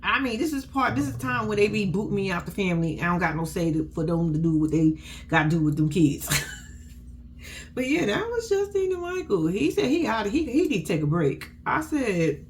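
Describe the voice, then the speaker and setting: A woman's voice: mid-range voice, sing-song, brisk, slight background noise. A woman giving casual, blunt, profane commentary on a reality show, laughing often as she tells the story. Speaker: reality TV recap host.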